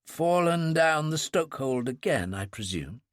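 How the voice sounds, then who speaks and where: A man voicing a tired, bedridden ship's captain who speaks quietly and drily. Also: on the high side, big pitch swings, unhurried, no echo, studio quality. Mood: dry. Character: weary ill male ship's captain.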